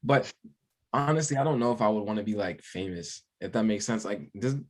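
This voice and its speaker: A young man chatting as a podcast guest musician, laid-back and slangy, telling drawn-out stories. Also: fairly low pitch, animated, darkish tone. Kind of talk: casual podcast chat.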